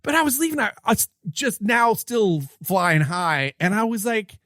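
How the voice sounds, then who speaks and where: Excited man, dry close sound. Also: high voice, moderate pace, no room sound. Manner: excited, animated telling with many restarts. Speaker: podcast co-host. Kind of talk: casual storytelling chat.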